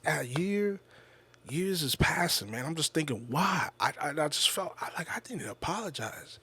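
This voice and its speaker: A man's voice: fairly high pitch, animated, moderate pace, sharp tone, breathy edge. A man hosting a podcast, telling a personal story in a casual, reflective monologue. He often stops and repeats words, and he swears freely. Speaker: podcast host.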